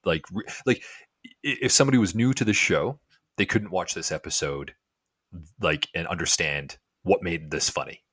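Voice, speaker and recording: Deep-voiced man in casual chat. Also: moderate pace, a bit bright, breathy edge, no echo, clean studio sound. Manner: rambling, hedging with fillers. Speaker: podcast co-host.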